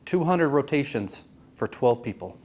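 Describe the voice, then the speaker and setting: A man's voice: medium pitch, animated, moderate pace, darkish tone. Earnest man telling his story to a group. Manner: earnest, asks the audience questions. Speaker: speaker at a networking group. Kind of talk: personal story talk. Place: meeting room.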